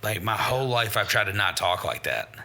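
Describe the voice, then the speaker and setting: A man's voice: fairly low pitch, big pitch swings, a little fast, creaky, pushed and bright. A man with a Southern accent, co-hosting a casual podcast chat, laid-back and joking. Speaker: podcast co-host.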